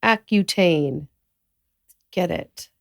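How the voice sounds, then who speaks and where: A woman co-hosting a casual chat podcast, laughing often and reading facts aloud with quick energy. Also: lowish voice, gravelly, no echo, studio quality. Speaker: podcast co-host.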